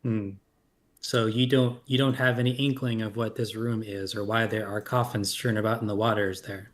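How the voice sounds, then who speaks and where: A man playing a tabletop role-playing game, thinking aloud with many pauses and fillers. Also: fairly low pitch, flat delivery. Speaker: player.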